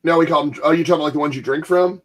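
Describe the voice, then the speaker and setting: A man's voice: on the high side, steady tone, very fast. Laughing man in casual chat. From Michigan, US. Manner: rambling, laughing, acts out quoted voices. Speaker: podcast host.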